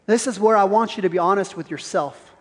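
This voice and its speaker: High-voiced earnest preacher in a reverberant church. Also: male voice, brisk. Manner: earnest, probing questions, rising intensity. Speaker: pastor. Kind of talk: sermon.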